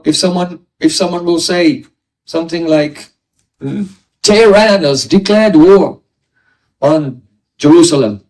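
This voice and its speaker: A man's voice: fairly high pitch, a little mellow, far from the mic, rough recording. A man giving a devotional class lecture, explaining ideas through everyday examples and often checking in with his listeners. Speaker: spiritual teacher.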